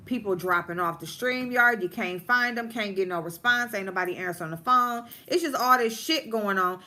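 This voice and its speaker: A woman telling a story during a livestream, animated and blunt, with plenty of swearing. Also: medium pitch, normal speed, few pauses. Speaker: livestream host. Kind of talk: casual storytime rant.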